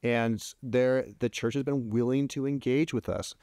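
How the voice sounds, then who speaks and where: A man telling a story as a podcast guest in casual chat, animated, with many restarts, his voice jumping higher when he quotes himself. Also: normal speed, no room sound, studio quality. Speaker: podcast guest, LGBT advocate.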